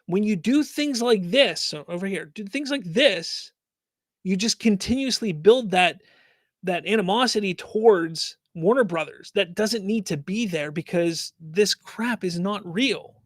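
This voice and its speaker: Guy ranting on his live stream, high voice, reads chat and goes off, dry close mic. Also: expressive, unhurried, no echo. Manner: exasperated, ranting, rhetorical questions. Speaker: host of a live fan news stream. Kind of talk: live stream talk, reading chat comments.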